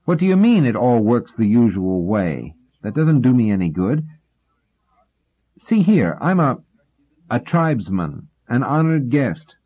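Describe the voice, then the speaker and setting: A man reading the lines of a wry, scholarly grown man, earnest and a bit exasperated, in a husky voice. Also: mid-range voice, big pitch swings, slow pace, voice pushed up, full character voice. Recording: tinny phone-like sound.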